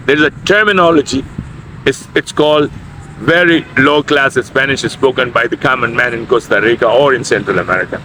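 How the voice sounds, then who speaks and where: Man teaching, bright voice. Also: mid-range voice, a little hiss or hum, rough recording. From Pakistan. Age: middle-aged. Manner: explains slowly, repeats words. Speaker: language teacher. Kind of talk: casual video lesson.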